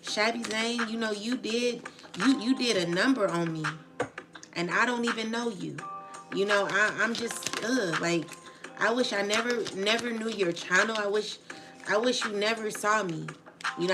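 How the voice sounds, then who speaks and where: A woman's voice: medium pitch, moderate pace. Agitated woman ranting on a livestream. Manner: agitated, repeats "you know what I'm saying"; casual, profane slang. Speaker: tarot channel livestreamer. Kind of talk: emotional livestream rant. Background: background music.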